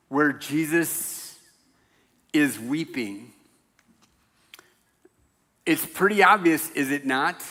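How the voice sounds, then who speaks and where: A man's voice: a little high, a bit bright, long reverb tail. A man preaching a sermon in a church, talking in a loose, conversational way with self-deprecating jokes. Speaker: pastor. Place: church sanctuary.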